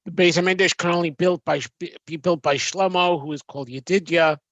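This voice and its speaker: A man leads a text-study lesson, reading phrases aloud and then explaining them, often pausing on ums and restarting his sentences. His voice sits a little high for a man. The recording is dry and close, with no room sound. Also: fairly even intonation, fairly bright tone, no room sound, dull audio. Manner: reads Hebrew phrases then translates, hesitant with frequent ums. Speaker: Torah teacher.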